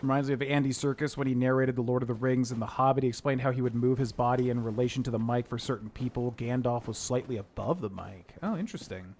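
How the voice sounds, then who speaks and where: A man's voice: medium pitch, quick pace, hardly any pauses, darkish tone, slight background noise. A man casually chatting and rambling while he streams a video game, with plenty of "like" and "um".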